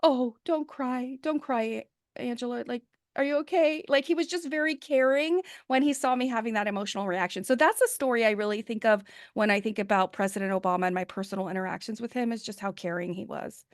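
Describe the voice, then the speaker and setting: A woman speaking as an interview guest, telling a personal story candidly and with animation. Her voice sits at a mid pitch, and it is recorded dry, with no room sound around it. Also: fast talker, no room sound.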